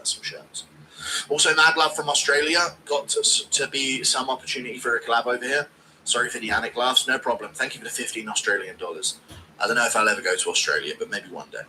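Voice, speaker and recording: A man's voice: medium pitch, sharp tone, a little hiss or hum, low-quality recording. A man streaming a casual watch-along, joking crudely and reading out donations.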